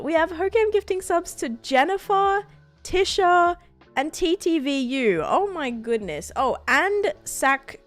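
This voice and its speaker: A woman live streaming a game, excitedly thanking viewers and rambling through stories with lots of fillers. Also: sits high. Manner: rambling storytelling with many fillers. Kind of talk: casual live-stream chat while gaming.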